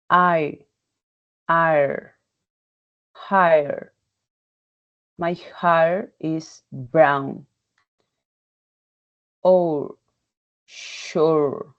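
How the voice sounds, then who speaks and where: Woman, low-pitched and very slow, halting pronunciation drill, muffled lo-fi audio. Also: steady tone. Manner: halting, repeats words and sounds one by one. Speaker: English learner presenting a pronunciation task. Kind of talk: slow, careful pronunciation practice with example sentences.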